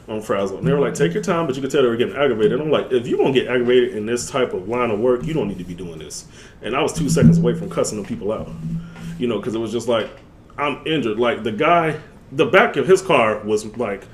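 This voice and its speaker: A young man in a casual storytelling vlog, voice sitting at a middle pitch. He talks in loose slang full of fillers and leaps up high when he acts out what he said. A faint low rumble sits under the recording. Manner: animated, jumps up in pitch when quoting himself. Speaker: vlogger.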